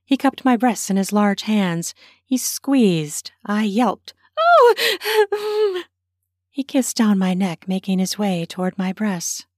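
A woman narrating her own erotic story in a slow, intimate way, slipping into whispers. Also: medium pitch, mellow, dry recording, studio quality.

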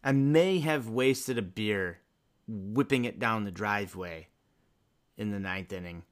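A man's voice: fairly low pitch, unhurried. A slightly drunk man co-hosting a sports podcast, blunt and swearing. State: a little drunk. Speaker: podcast co-host. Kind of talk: casual sports podcast chat.

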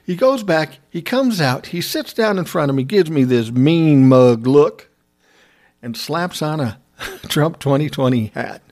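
A man's voice: on the high side, expressive, measured pace, a little mellow. Wry, laughing man telling a story. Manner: wry, laughing, self-described smart aleck. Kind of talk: casual storytelling.

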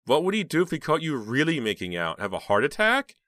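A man voicing a blunt, joking teenage girl with a hoarse, squeaky voice. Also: huge pitch swings, a little fast, fairly bright tone, dry recording, studio quality. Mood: teasing. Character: short chunky teenage girl, blunt joker.

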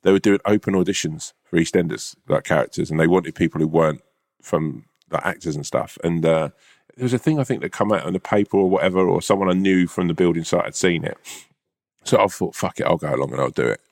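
A man with a very low voice tells a long, rambling anecdote to a friend. He swears freely and keeps it casual, like a comedian chatting on a podcast. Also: a little fast, creaky, darkish tone. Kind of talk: casual storytelling chat.

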